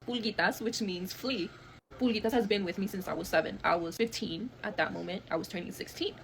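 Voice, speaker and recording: A woman's voice: medium pitch, gravelly, a little hiss or hum. A young woman telling a personal story in a storytime clip, emotional and profane, acting out what people said. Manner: fast, emotional, profane retelling with acted quotes. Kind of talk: storytime video.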